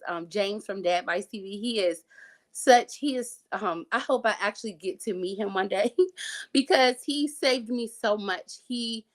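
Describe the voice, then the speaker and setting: Casting: young woman, conversational guest storyteller, loose and chatty, lots of ums and restarts. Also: mid-range voice. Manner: chatty, frequent fillers and restarts, occasional laughs. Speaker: guest sharing her health story. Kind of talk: casual interview storytelling.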